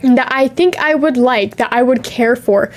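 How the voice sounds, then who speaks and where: A young woman chats casually on her stream with a high, light voice. She rambles candidly from one tangent to the next and sounds a little sniffly from allergies. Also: a little slow. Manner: chatty, candid, drifting between tangents. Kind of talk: casual chat.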